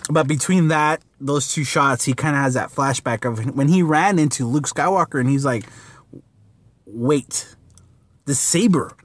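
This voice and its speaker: A man's voice: mid-range voice, moderate pace, few pauses, no room sound. A man reviewing a comic book in a casual, rambling vlog, using lots of fillers and slang.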